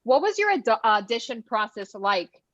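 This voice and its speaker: Woman hosting a zoom chat, kinda high voice, muffled dry sound. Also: sing-song, moderate pace, a bit bright, no room sound. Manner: upbeat, asks questions. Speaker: reunion moderator. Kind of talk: casual video call chat. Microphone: video call.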